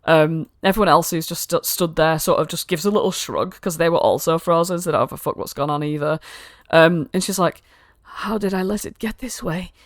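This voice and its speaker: Female game master, casual and profane, slightly low voice, dry sound. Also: steady tone, brisk, few pauses, no echo. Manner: casual, swears often, laughs between lines. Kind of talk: narrating a tabletop game.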